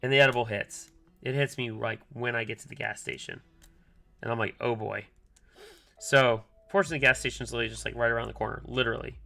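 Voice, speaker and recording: A man in his thirties streams while working on a keyboard, telling a long, rambling, filler-packed story and muttering asides to himself. He talks fast in a steady, medium-pitched voice that's creaky, bright, and forceful.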